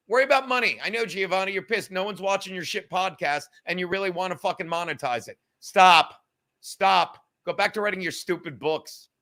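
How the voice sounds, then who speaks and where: A man hosting a live-stream podcast, his voice sitting high and ringing bright. He rants with constant swearing and speaks straight to viewers and commenters by name. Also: vocal fry. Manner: profane, ranting, talks straight to viewers and commenters. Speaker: podcast host. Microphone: computer mic on a live stream.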